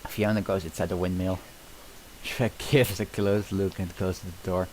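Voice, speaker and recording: A man's voice: sits low, little pitch movement, normal speed, a little mellow, a little hiss or hum, rough recording. A man streaming, casually chatting and reading script narration aloud in a loose, offhand way. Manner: loose and offhand, with filler words.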